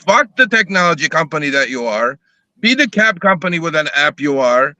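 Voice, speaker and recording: Profane, animated man telling stories. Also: on the high side, a little fast, dry recording. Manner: profane, animated storytelling, acts out phone calls. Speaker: rideshare driver advocate, guest. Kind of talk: heated casual podcast talk. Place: live podcast studio.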